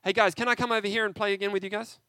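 Rapid-fire and high-voiced, a man preaches a sermon that feels animated and chatty, regularly asking his listeners questions. There's no echo; the recording is dry.

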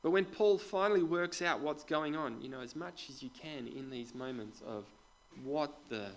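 A man preaching a sermon to a congregation in a conversational way, putting questions to the listeners and dropping into quiet asides. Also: fairly high pitch, moderate pace, rough recording. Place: church with a congregation.

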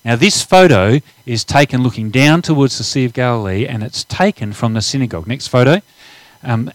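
A middle-aged man delivers a sermon in an even middle pitch, slipping easily between loose asides and emphatic Bible reading. The recording is dry and close, with no room sound. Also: no echo, poor audio. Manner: casual asides, reads scripture with rising emphasis. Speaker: pastor.

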